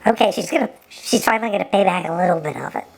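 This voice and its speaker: Gravelly-voiced woman mocking an old film. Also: lowish voice, racing, poor audio. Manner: mocking, repeats words often. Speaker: commentator. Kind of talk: sarcastic film commentary.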